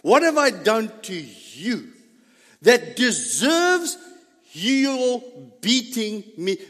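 Preacher voices a wounded, patient talking donkey; slow and pleading in a reverberant hall. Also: male voice, high voice, sing-song, fairly bright tone, exaggerated voice. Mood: plaintive. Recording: echoey church hall reverb.

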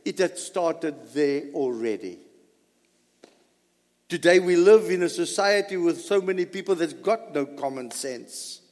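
A man preaching a sermon, swinging between loud emphasis and soft asides. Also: fairly high pitch, lively intonation, unhurried. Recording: long hall reverb.

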